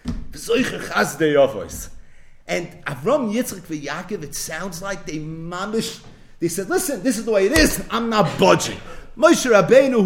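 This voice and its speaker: A man teaching a Torah lecture, telling a midrash dramatically, acting out the quoted speech with rising intensity and weaving Hebrew and Yiddish phrases into his English. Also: high-pitched.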